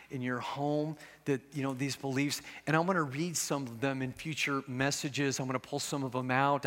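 In an echoey hall with long reverb, a middle-aged pastor preaches a sermon in a mid-range, somewhat bright voice. His delivery is earnest and conversational, sprinkled with casual asides.

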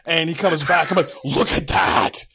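A man co-hosting a podcast, telling crude comic stories in a rambling, animated way, with many restarts and bursts of laughter. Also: a little high, normal speed, gravelly, husky. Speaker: podcast co-host. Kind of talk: crude comedic storytelling.

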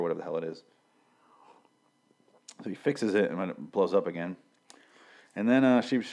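A man's voice: low voice, a little mellow. A man casually recapping a TV episode, rambling and profane, with dry jokes and frequent restarts. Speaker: show reviewer.

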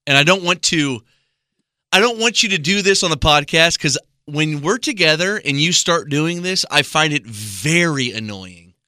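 An American man co-hosting a podcast, teasing his friend in a mock-exasperated, animated way. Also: a little high, normal speed, no echo, clean studio sound. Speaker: podcast co-host. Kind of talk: casual podcast banter.

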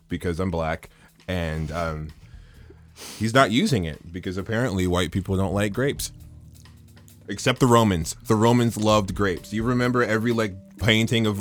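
Podcast co-host, male, lowish pitch, deadpan delivery with faint music underneath. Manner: dry, deadpan joking. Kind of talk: comedic podcast banter.

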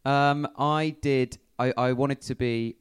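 A young man from England, a comedian guest on a live podcast, chatting in a wry, self-deprecating way and often trailing off into quiet asides. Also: mid-range voice, fairly even intonation, takes it slowly, clean tone. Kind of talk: casual live podcast chat. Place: live venue in front of an audience.

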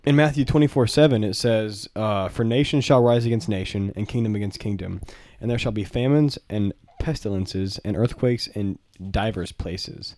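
A man's voice: on the low side, normal speed, hardly any pauses, darkish tone. A young man co-hosting a casual podcast, talking in a laid-back, rambling way with fillers. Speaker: podcast co-host.

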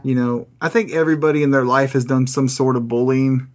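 A man's voice: mid-range voice, fairly even intonation, a little fast, darkish tone. Man telling a story in casual chat. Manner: loose, profane storyteller. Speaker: podcast guest co-host.

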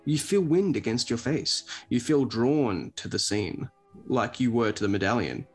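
A man reading an adventure storybook aloud with a lively delivery. His voice sits at an ordinary middle pitch for a man. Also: measured pace, breathy edge, soft background music. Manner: lively read-aloud, breaks off to laugh.

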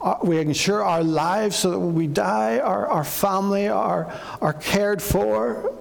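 A man preaches with a high, gravelly voice, slow and deliberate. His earnest words repeat for weight. A long reverb trails each line in the hall. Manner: earnest preaching, with repeated phrases and acted pleas. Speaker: pastor. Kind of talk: sermon.

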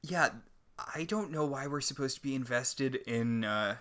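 A man's voice: mid-range voice, normal speed, a bit bright. A man co-hosting a casual TV recap podcast, ranting and sarcastic about the episode. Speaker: podcast co-host.

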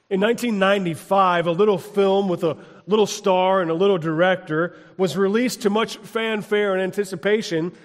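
A man's voice: high voice, steady tone, normal speed. Emphatic male pastor in a reverberant sanctuary. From United States. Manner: emphatic, building to loud exclamations. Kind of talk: sermon. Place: church sanctuary. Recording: long reverb of a church hall.

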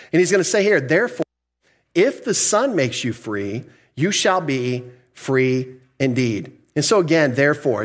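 A man pastor preaching a sermon, putting questions to the congregation, answering them himself, and chuckling now and then. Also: a little high.

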